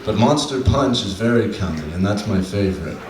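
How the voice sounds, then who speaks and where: A man doing a stand-up comedy set on a club stage, deadpan, slowing down for his punchlines. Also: lowish voice, a little hiss or hum. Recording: echoey room from a distant mic, faint ambience.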